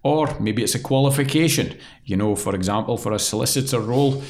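A man's voice: medium pitch, a little fast, a little mellow. A young man co-hosting a legal podcast, chatty and joking, who explains things step by step. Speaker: podcast co-host, employment lawyer. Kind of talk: casual chat and explaining.

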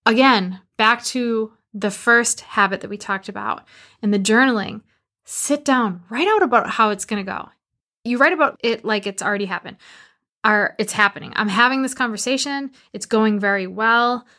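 A woman business coach hosting a solo motivational talk, energetic and emphatic, repeating punchy commands, recorded in her barn studio. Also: mid-range voice, normal speed. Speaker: business coach and podcast host.

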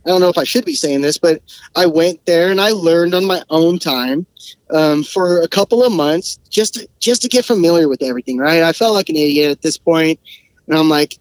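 A man guesting on a podcast, telling work stories in a slangy, swearing, animated way. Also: fairly high pitch, fairly quick, no echo, poor audio. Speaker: podcast guest, shop technician. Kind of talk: casual storytelling.

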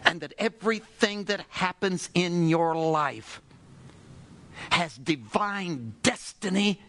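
A high-pitched man preaches slowly in an animated, exclamatory style, firing off rhetorical questions and sighing "oh, brother" asides. There is slight background noise.

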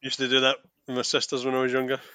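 A man's voice: mid-range voice, completely flat delivery, very fast, sharp tone, clean tone, no room sound. A man co-hosting a casual film podcast, making dry quips and giving short agreeing replies. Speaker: podcast co-host.

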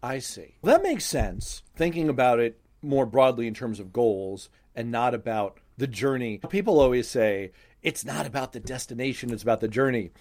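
Male radio host, playful and inquisitive, animated pitch, remote video call. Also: normal speed, hardly any pauses. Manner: joking, curious questioner. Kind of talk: radio and podcast interview. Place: home office on a video call.

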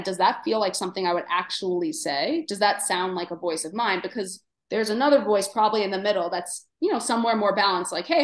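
A woman's voice: mid-range voice, reverberant. A woman nutritionist co-hosting a casual podcast conversation, chatty and full of fillers. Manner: chatty, many fillers, plays inner voices in quotes. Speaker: nutritionist co-host.

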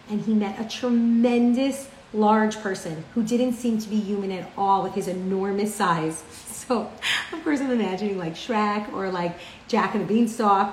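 A woman's voice: mid-range voice, a little mellow. A woman teacher telling a story and leading a religious lesson, chatty with frequent fillers. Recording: roomy with faint ambient noise.

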